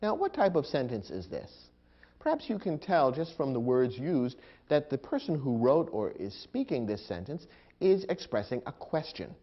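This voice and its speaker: A man giving a scripted grammar lesson, explaining in a measured way and acting out example sentences. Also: medium pitch, huge pitch swings. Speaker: grammar instructor. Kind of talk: scripted instructional narration. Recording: dull lo-fi recording.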